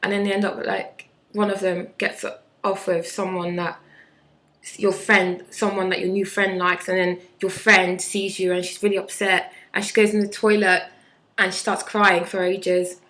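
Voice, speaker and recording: A woman's voice: mid-range voice, level tone, moderate pace, fairly bright tone, rough recording. Blunt sarcastic young woman. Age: 20s. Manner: blunt, sarcastic, mocking impressions. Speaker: vlogger. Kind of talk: casual vlog chat.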